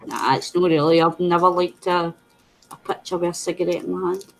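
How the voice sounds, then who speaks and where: A woman's voice: fairly low pitch, flat delivery, a little fast, creaky, slight background noise, low-quality recording. A woman chatting frankly and casually over a video call, often trailing off mid-thought. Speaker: guest in a craft video chat. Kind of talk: casual chat.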